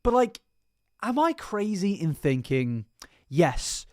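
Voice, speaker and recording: A woman's voice: fairly low pitch, takes it slowly, no room sound, clean studio sound. A woman from Britain, live streaming and ranting casually to chat, swearing freely. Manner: animated, swears a lot, reacts to chat.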